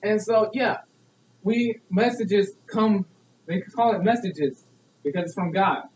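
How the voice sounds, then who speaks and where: A man's voice: high-pitched, takes it slowly, a little mellow. A young man giving an earnest, preachy persuasive speech full of rhetorical questions. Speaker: student speaker. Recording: echoey, distant, dull lo-fi.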